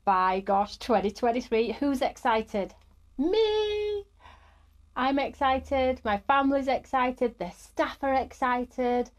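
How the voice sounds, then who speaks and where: A woman's voice: fairly high pitch, measured pace, hardly any pauses. A woman, middle-aged, hosting a live craft stream in an upbeat, chatty way and greeting viewers by name.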